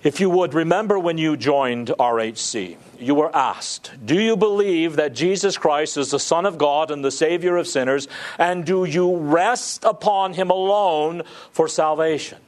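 A man's voice: a little high, a little slow. A middle-aged man preaching a sermon as pastor, rising to emphatic lists and dropping to near-whispers.

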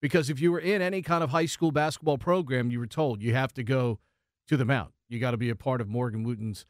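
A man in his fifties sits in as co-host on sports talk radio. He reminisces in a relaxed, easygoing way. His voice sounds close and dry in the studio. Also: medium pitch, quick pace, no echo.

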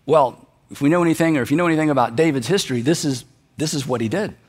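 A man's voice: a little high, rapid-fire. A man preaching a sermon, retelling a story in a conversational way and acting out the characters' lines. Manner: animated, conversational, acts out the characters. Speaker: pastor.

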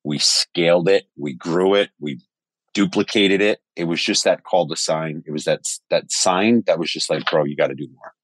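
A man's voice: low voice, normal speed, no room sound. A man telling stories animatedly in a casual podcast conversation, cursing freely. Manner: animated storyteller, swears casually. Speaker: podcast guest.

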